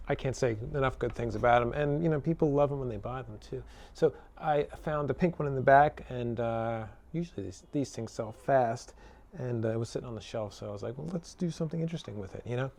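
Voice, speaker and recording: Laid-back man demoing a guitar, loose and talky, full of fillers and tag questions. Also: mid-range voice. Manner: relaxed, chatty, many fillers and tag questions. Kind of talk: casual product demo talk. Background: electric guitar playing.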